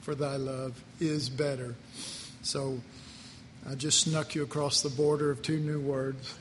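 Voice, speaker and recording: A male preacher giving a sermon, slow and emotional, drawing out his words as he is moved to his core. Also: mid-range voice, little pitch movement, a little hiss or hum. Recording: reverberant hall, faint ambience.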